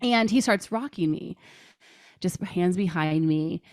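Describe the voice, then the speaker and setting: Lively woman telling a personal story. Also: on the low side, takes it slowly. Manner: animated, laughing storyteller. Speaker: podcast guest. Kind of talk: casual storytelling.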